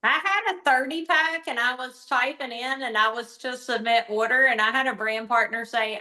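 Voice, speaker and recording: A woman's voice: a little high, normal speed, few pauses, bright, forceful tone. A woman giving blunt, commanding sales coaching in a direct, no-nonsense way. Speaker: sales team trainer. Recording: roomy echo.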